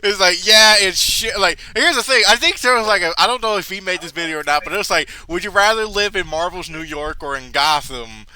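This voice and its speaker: A man's voice: high voice, expressive, a little fast, few pauses, bright, forceful tone. A man co-hosting a casual reaction video, speaking emphatically and incredulously. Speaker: co-host reacting to a clip.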